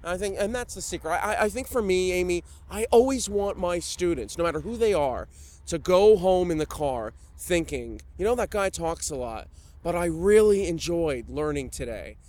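Chatty high-voiced man. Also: normal speed. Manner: chatty, animated storyteller. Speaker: flight instructor. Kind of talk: enthusiastic interview talk.

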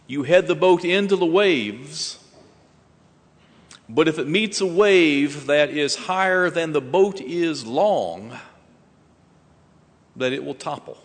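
A man preaching a sermon slowly and deliberately, with dramatic pauses and rising emphasis. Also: on the high side, in a large hall.

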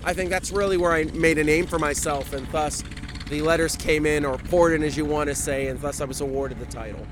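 A man's voice: fairly high pitch, steady tone, fairly quick, background noise. A man, a flight instructor, talking chattily and with animation in an interview. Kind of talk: enthusiastic interview talk.

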